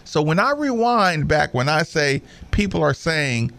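Animated opinionated man talking basketball. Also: fairly high pitch, a little slow, vocal fry, no echo. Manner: animated, emphatic, repeats himself, mimics players. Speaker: basketball podcast host. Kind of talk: casual opinionated commentary.

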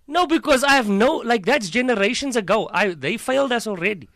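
A man's voice: very high-pitched, expressive, a little fast, fairly bright tone, no room sound, clean studio sound. A young South African man with a South African accent, telling comic stories and laughing often as he acts out voices. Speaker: comedian guest. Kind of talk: animated comic storytelling.

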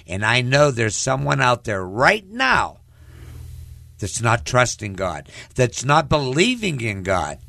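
A male host talks straight to his listeners, emotional and preacherly. He speaks slowly, with a gravelly voice and a pitch that rises and falls widely. The sound is close and dry. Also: no echo. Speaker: talk show host.

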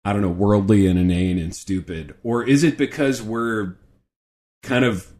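A middle-aged man co-hosting a podcast in casual chat, animated and joking, often saying "dude". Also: fairly low pitch, normal speed. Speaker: podcast co-host.

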